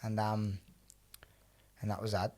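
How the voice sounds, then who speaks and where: Animated man telling stories. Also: fairly low pitch, takes it slowly. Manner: animated storyteller, acts out quotes, swears freely. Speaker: podcast guest. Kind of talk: casual storytelling chat.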